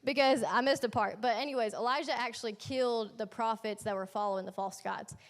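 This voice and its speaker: A woman's voice: fairly high pitch, brisk. Chatty young woman preaching in an echoey hall. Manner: chatty, slangy storytelling with playful asides. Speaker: youth ministry leader. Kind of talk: casual youth sermon.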